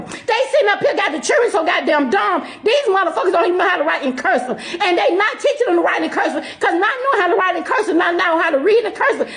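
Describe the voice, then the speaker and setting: A woman in a furious, profane on-camera rant, tearful and shouting, her voice breaking. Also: very high voice. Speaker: social media commentator.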